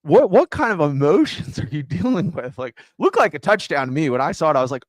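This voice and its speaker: A man's voice: fairly high pitch, sing-song, a little fast, hardly any pauses, no echo. A man co-hosting a fantasy football show, talking in a loose, rambling way with many restarts and fillers. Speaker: fantasy football podcast co-host. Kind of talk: casual chat.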